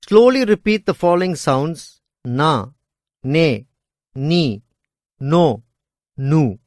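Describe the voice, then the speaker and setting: A man reading a scripted lesson on speaking skills in a measured, deliberate way. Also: a little high, no echo, studio quality. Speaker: instructor.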